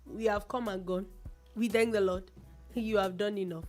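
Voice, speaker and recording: A woman's voice: medium pitch, fairly even intonation, moderate pace, a little mellow, soft background music. A woman co-hosting a casual radio show, bantering playfully and teasing her partner. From Nigeria. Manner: playful, teasing, talks over her co-host.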